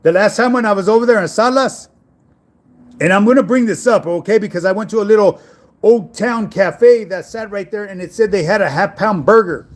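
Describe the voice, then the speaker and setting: A man's voice: high-pitched, brisk. A middle-aged man, an online fitness coach, chatting casually on a livestream and answering viewer messages in laid-back street slang.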